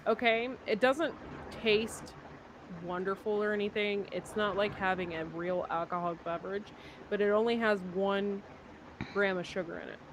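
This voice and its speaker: A woman's voice: mid-range voice, fairly even intonation, normal speed, noisy background. A woman hosting a casual livestream chat, bubbly and rambling. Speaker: livestream host.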